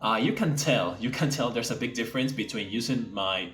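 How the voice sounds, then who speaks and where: A young man from Mexico, an English teacher, chatting casually to camera and speaking deliberately from the throat. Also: fairly low pitch, expressive, fairly bright tone, faint music behind. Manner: speaks from the throat to sound native-like. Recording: echoey room.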